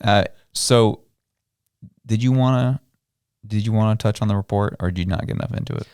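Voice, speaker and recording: A man's voice: fairly low pitch, brisk, darkish tone, clean tone, no echo, clean studio sound. A man co-hosting a podcast, talking in a laid-back, slangy way and often saying dude. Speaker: podcast co-host. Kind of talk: casual chat.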